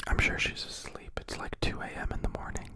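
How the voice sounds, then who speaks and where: A young man chatting in a soft whisper on an ASMR live stream, rambling and joking as he answers viewers' questions. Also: a little fast. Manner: rambling, jokey, confessional.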